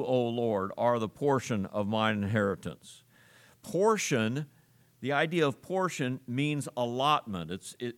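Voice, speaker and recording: A man preaching in church, his voice sitting at an ordinary middle pitch. He speaks earnestly and deliberately, pausing often with little fillers as he works through scripture. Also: fairly bright tone. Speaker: pastor. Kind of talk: sermon.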